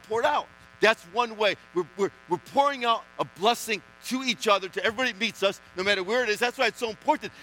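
A man preaching a sermon in a church, emphatic and swinging between hushed lines and loud ones. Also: high voice, slight background noise, rough recording. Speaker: pastor.

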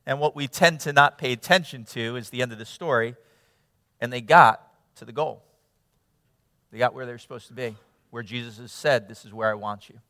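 A man preaching a sermon, reading scripture with emphatic retelling and praying in a hushed tone. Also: mid-range voice, brisk, long pauses, no echo, clean studio sound, big-room sound. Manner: earnest, emphatic, drops to a hushed tone in prayer. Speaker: pastor.

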